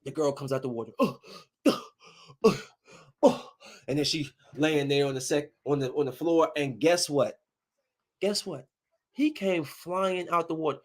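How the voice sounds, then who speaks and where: A man hosting a casual solo podcast, telling stories in a slangy, joking way, swinging from loud outbursts to low muttering and laughing often. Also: moderate pace. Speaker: podcast host.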